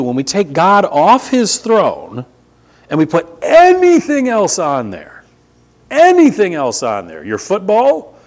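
A man, preaching a conversational sermon with emphatic repetition. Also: high-pitched. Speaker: pastor.

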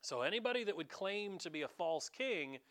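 Man, pastor, conversational sermon, fairly high voice, dramatizing, addresses the congregation directly. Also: normal speed. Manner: animated, dramatizing, talks straight to the congregation.

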